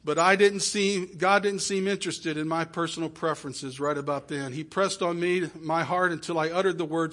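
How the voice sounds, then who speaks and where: High-voiced man telling an emotional sermon story. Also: fairly even intonation, moderate pace, hardly any pauses. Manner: emotional retelling in first person, swinging from soft pleading to loud exclamations. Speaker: preacher.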